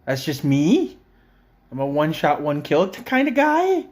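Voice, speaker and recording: A man's voice: a little high, huge pitch swings, slow. A middle-aged man in a friend's house, ranting with heavy swearing, exasperated and sarcastic. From Canada. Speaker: vlogger. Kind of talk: profane comedic rant.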